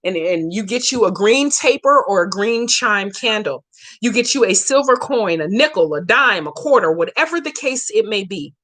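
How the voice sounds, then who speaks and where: Woman on a livestream, chatty and cussing, calls viewers baby, bossy step by step instructions, mid pitched voice. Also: lively intonation, moderate pace, fairly bright tone. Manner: brash, profane and chatty, addressing viewers as baby; slangy, emphatic instructions. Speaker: hoodoo practitioner hosting a live Q&A. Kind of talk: casual livestream Q&A and spell tutorial.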